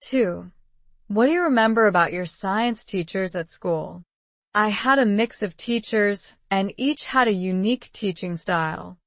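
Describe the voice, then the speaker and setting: A woman's voice: medium pitch, measured pace, no echo. Woman reading polished sample answers, dry. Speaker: reader of model exam answers.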